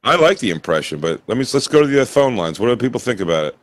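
A man's voice: mid-range voice, big pitch swings, fast, no room sound. A man co-hosting a comedy podcast, teasing his partner and laughing often. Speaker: podcast co-host. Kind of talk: casual comedy podcast chat.

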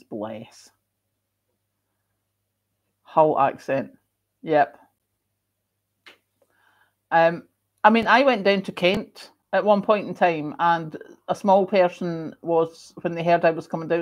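Slow and given to long pauses, a middle-aged Scottish woman with a lowish voice and moderated accent hosts a livestream. She reads viewer comments aloud in a casual chat, punctuated by frequent coughs and ums.

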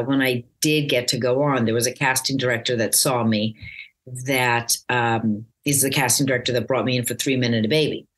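Low-voiced woman telling career stories. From United States. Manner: rambling, warm storytelling with many fillers and restarts. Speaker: actress guest. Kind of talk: casual interview chat.

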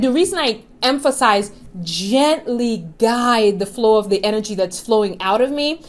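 Earnest woman coach with a high voice. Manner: earnest, emphatic, slows down on key phrases. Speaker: law of attraction coach and show host. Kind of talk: motivational talk to camera.

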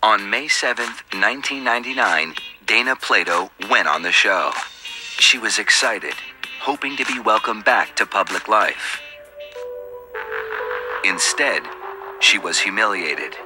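A man reading scripted documentary narration in a measured, somber way. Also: fairly low pitch, animated. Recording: music bed behind voice. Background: music.

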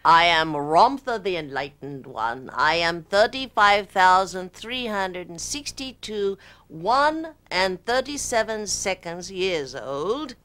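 A grandiose ancient spirit speaks in a put-on British accent, performed by a woman. The voice sits low and the delivery crawls along in archaic, pompous pronouncements. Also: expressive, takes it slowly, fairly bright tone. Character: ancient male spirit teacher, grandiose and solemn.

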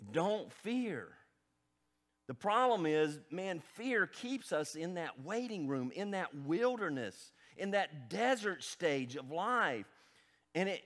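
A male pastor preaching a fervent sermon in a church. He swings from hushed to loud and calls questions out to the congregation. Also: a little high. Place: church sanctuary.

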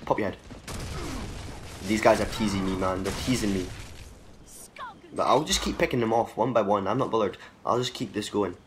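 A young man with a lowish voice commentates live gameplay and reacts loudly to every kill. He swears and taunts the opponents. The game's sounds run clearly underneath him. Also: moderate pace, long pauses, background noise. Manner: excitable, swears freely, talks to the players on screen. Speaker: gaming channel host.

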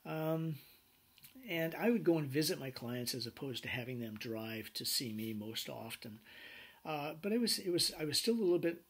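A man teaching a business class, telling personal anecdotes in a lively way and acting out the dialogue. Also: a little high, moderate pace, breathy edge. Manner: animated storyteller acting out quoted dialogue. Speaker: business instructor.

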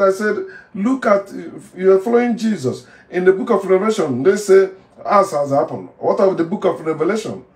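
Speaking in a high, slightly mellow voice, a Nigerian-accented former pastor, now an online commentator, delivers a heated, preachy rant to camera and drives his points home through repeated phrases. He's recorded off-mic at a distance in an echoey room.

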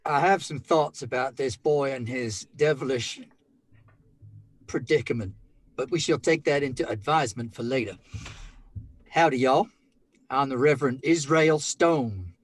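A man's voice: medium pitch, a little slow, long pauses, dry recording, lightly acted. A man voicing a pious, gun-toting Old West preacher in a folksy, drawling twang. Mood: folksy, solemn. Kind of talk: tabletop role-play character voice.

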